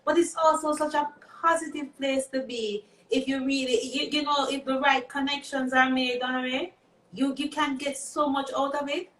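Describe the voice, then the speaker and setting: A woman's voice: high-pitched, steady tone, normal speed, a bit bright. A woman with a Jamaican accent, hosting a livestream and chatting in an encouraging, reflective way. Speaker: livestream host. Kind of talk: casual chat on a livestream. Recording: echoey, distant mic with faint noise.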